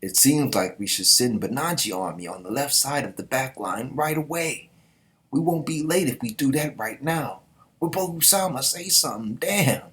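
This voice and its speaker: Anxious male aide, a man reading, higher voice, pressing and impatient. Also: animated, normal speed, fairly bright tone, close to an everyday voice.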